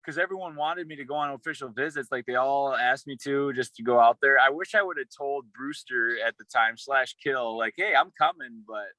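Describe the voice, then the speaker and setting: A young man, a former college football player, telling a rambling, excited story in a casual interview, with many restarts. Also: medium pitch, brisk, hardly any pauses, dry recording, rough recording.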